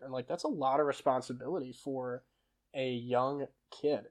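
A man's voice: mid-range voice, a little slow. Casual, chatty young man. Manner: lively storyteller who laughs and acts out quoted lines; casual, with frequent fillers and self-corrections. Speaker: podcast guest. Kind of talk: conversational storytelling.

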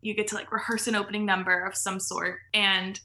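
A woman's voice: mid-range voice, level tone, brisk, gravelly, bright, forceful tone. A woman guest on a podcast, telling stories in casual chat, full of "like" fillers and laughing as she goes. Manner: chatty, filler-heavy storytelling with frequent laughs.

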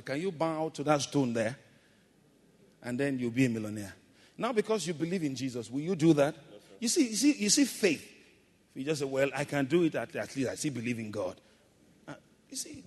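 A male pastor preaches a sermon in a large hall, calling for amens and acting out playful asides in call-and-response style. His voice is a little high, darkish and slightly rough.

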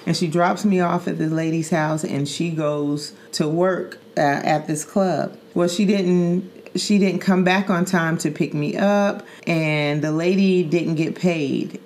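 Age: middle-aged. Sex: woman. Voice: low. Style: earnest podcast storytelling. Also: a little mellow, slight background noise. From Saint Louis, Missouri. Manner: earnest, vivid retelling with filler words and repeats. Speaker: podcast host. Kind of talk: personal storytelling in casual chat.

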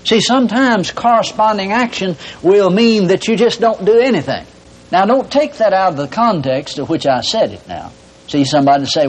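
A man's voice: a little high, big pitch swings, moderate pace, rough recording. A man preaching a sermon, telling personal stories in a folksy way and often tagging on "see". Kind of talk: sermon teaching.

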